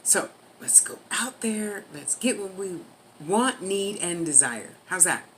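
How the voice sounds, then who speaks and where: A woman talking casually to camera with life advice, rambling and chatty, now and then slowing down for emphasis. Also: medium pitch, expressive, fairly bright tone, slight background noise, poor audio. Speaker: vlogger giving life advice.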